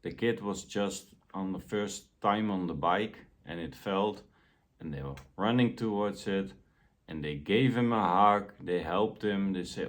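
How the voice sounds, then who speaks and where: Low-voiced man talking real slow and gentle, self-help pep talk, deliberate.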